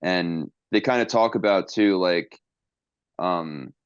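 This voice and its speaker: A man's voice: low voice, slow pace, clean tone, dry recording, lo-fi sound. A man co-hosting a podcast in casual chat, rambling with lots of fillers and playful asides. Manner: rambling, filler-heavy, jokey impressions. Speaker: podcast co-host.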